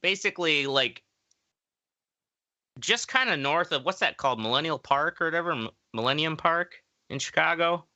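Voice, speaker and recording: A man's voice: a little high, expressive, normal speed, bright, forceful tone, dry recording, dull audio. A man telling a long rambling story in casual podcast chat, full of fillers and quoted voices.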